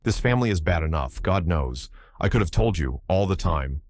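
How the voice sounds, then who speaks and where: A man playing a bitter young man in an audiobook, sneering and resentful, deep voice. Recorded dry and close with no room sound. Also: lively intonation, moderate pace, no echo.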